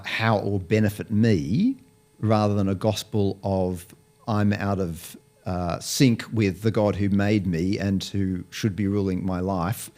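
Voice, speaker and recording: A man's voice: on the low side, a little mellow. A man speaking as an interview guest, explaining his views in a thoughtful way with frequent restarts. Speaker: Bible college lecturer, guest. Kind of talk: conversational interview.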